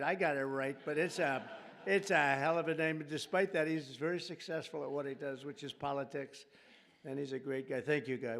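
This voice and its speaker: A man's voice: fairly high pitch, gravelly, slight background noise. A man giving a ceremonial speech at a formal reception, chatty and rambling, breaking off for off-script jokes aimed at the audience. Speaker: speaker at a reception. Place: large formal reception room.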